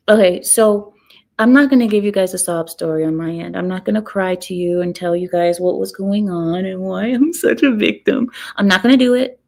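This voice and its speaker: Woman livestream host, sarcastic deadpan humor, a bit of vocal fry, casual chat with viewers. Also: mid-range voice. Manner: sarcastic, deadpan provocative joking.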